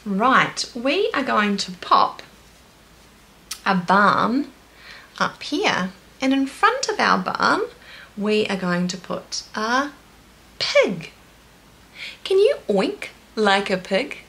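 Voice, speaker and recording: A woman's voice: mid-range voice, very animated, extremely slow, creaky, long pauses, bright, forceful tone. A woman with a New Zealand accent teaching toddlers in a sing-song, encouraging way, with delighted gasps. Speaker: children's teacher. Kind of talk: slow, animated toddler lesson.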